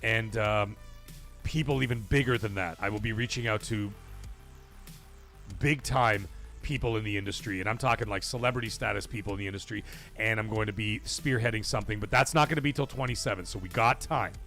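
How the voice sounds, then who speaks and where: A man's voice: lowish voice, fairly quick, bright, forceful tone, soft background music. Rambling, swearing livestream host man. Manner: profane, rambling, emotional storytelling; reads viewer super chats aloud. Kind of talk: casual live-stream chat.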